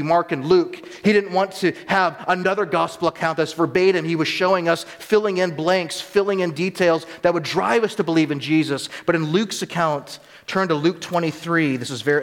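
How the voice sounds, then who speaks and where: A man's voice: a little high, fairly bright tone, long reverb tail. A man preaching a sermon as pastor, earnest and emphatic, often rising sharply on rhetorical questions.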